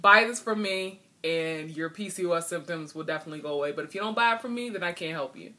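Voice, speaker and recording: A woman putting on a smug, profiteering diet-book seller in a mocking, drawn-out sales pitch. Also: sharp tone.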